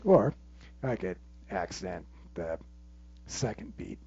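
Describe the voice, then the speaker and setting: A man teaching a drum lesson, explaining step by step in a relaxed way and counting stickings aloud. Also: lowish voice, normal speed, creaky, loud music behind the voice. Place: room with a drum kit. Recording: muffled sound with loud drums. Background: loud drumming between phrases.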